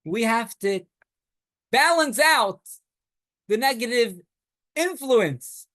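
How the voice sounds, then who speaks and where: A man, a rabbi, giving a weekly Torah class to students in a classroom. He tells stories with energy and trades quick remarks with his listeners. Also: extremely high pitch. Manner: animated storytelling, talks with students.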